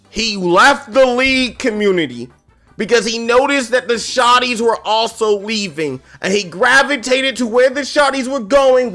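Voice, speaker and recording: A man telling a story in casual chat, animated and exasperated, with bursts of laughter. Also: very high-pitched.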